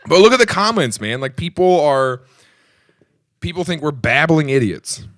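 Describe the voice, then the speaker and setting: Young guy on a podcast, bright voice, all over the place in pitch, kinda exasperated, dry mic. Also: normal speed, no echo. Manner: animated, exasperated, laughs often. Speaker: podcast co-host. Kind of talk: casual chat.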